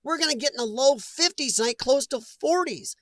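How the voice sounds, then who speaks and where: Middle-aged guy, high-pitched, dry close mic, easygoing stream host chatting with viewers. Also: a little fast, a bit bright, no echo. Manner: chatty, laughs often, talks back to chat. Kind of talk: casual live-stream chat reading comments.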